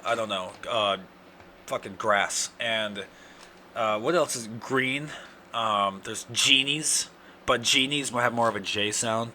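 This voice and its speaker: A young man with an Upper Midwest accent, hosting a casual solo podcast, ranting and cursing in loud outbursts, his throat dry from yelling. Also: fairly low pitch, a little hiss or hum. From Wisconsin. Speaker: podcast host.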